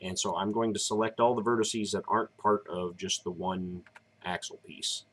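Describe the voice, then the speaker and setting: A man's voice: deep voice, steady tone, moderate pace. A tired man in his thirties chatting casually on a live stream, rambling as he explains each step. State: tired, yawning.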